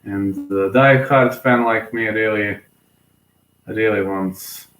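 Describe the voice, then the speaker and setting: A man's voice: fairly low pitch, steady tone, slow, fairly bright tone, reverberant, poor audio. A young man, giving casual solo live commentary on a fight, emotional and rambling, full of fillers and restarts, sleepy.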